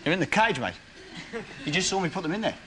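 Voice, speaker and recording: Man putting on a brash Aussie croc wrestler, high, blunt and jokey, noisy studio. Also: lively intonation, quick pace. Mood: joking. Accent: Australian, put on. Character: brash Australian male crocodile wrestler.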